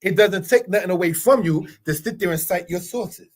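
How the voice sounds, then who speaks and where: At normal speed and in a high voice, a middle-aged Torah teacher presents a religious lesson. His style is earnest and repetitive, with plenty of rhetorical questions.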